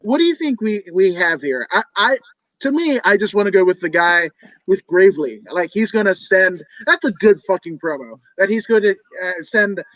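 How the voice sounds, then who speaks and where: A high-pitched man chats casually about upcoming fights, joking and swearing as he talks. The recording is dry and close, with no room sound. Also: lively intonation, moderate pace, fairly bright tone, no room sound, dull audio. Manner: joking, profane, wrestling references. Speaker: podcast co-host. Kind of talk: casual fight-prediction chat.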